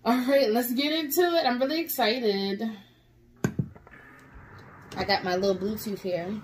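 A woman's voice: fairly high pitch, fairly even intonation, unhurried, music in the background. A young woman hosting a casual reaction vlog, chatty and heartfelt, with lots of fillers. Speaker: YouTube reaction host.

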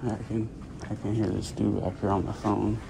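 A man's voice: fairly low pitch, level tone, normal speed, gravelly, background noise. Argumentative man filming a public office. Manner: argumentative, repeats questions. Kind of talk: confrontational auditor video.

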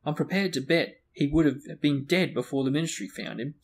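A man's voice: on the high side, a little fast, close to an everyday voice. A man reading aloud, voicing an earnest middle-aged father who speaks casually and grows heated.

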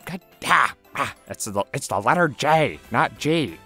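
A woman's voice: rumbling low, lively intonation, unhurried, few pauses, music in the background. A woman, a fan voice actor, grumbling at noises and mocking her own slips between takes. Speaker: fan voice actor, channel owner. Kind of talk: casual outtake chatter.

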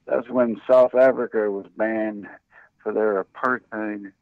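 A man co-hosting a casual chat show, adding relaxed side-note comments, heard over a tinny phone line. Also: on the low side, unhurried, no room sound. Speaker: co-host.

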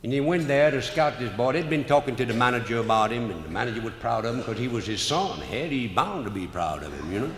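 A man's voice: mid-range voice, lively intonation, fast, few pauses, fairly bright tone. A man with a Cajun accent telling comic stories live in a folksy drawl. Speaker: humorous storyteller. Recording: roomy live hall recording, faint noise.

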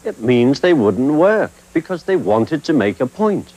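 A man reading a children's story aloud in a gentle, measured way, as the show's storyteller. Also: on the high side, big pitch swings. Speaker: storyteller host. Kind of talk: scripted storybook narration. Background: background music.

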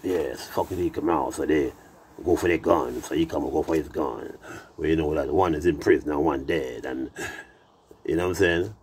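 A man's voice: very deep voice, normal speed, a little hiss or hum. A man telling a rambling, profanity-heavy story in loose patois and now and then sliding into song. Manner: swears constantly, loose patois, drifts into singing. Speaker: reggae artist. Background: loud music.

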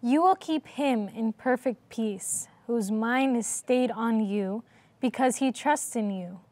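Bright-voiced woman reading scripture. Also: a little high, takes it slowly, dry recording. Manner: reads scripture aloud with steady emphasis. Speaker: Bible study participant reading scripture.

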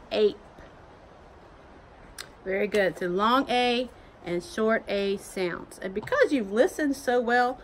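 A woman teacher giving a phonics lesson to young children from home, slowly sounding out letters in a sing-song way. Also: mid-range voice, a little hiss or hum. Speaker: elementary school teacher.

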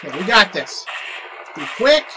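A player giving casual commentary while playing a shooting game, muttering at setbacks and bursting into triumphant shouts. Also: medium pitch, sing-song, moderate pace, background noise.

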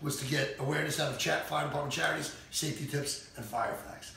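A man's voice: a little high, fairly even intonation, quick pace, gravelly, sharp tone, slight background noise. A man hosting a live cooking show, upbeat and jokey, chatting while he eats. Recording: echoey room from far off.

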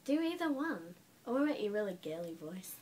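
A woman's voice: mid-range voice, big pitch swings, brisk, darkish tone. An Australian woman hosting a casual vlog chat with her brother, teasing and giggly in a blunt way. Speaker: vlogger host.

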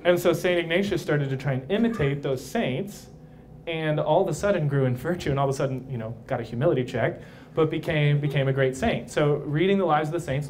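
Brief: male priest, casual live talk, playful and chatty, slightly high voice, faint room ambience. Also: a little mellow, a little hiss or hum. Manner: playful, conversational, keeps asking "right?". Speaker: priest speaking at a young adult event. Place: brewery, live audience.

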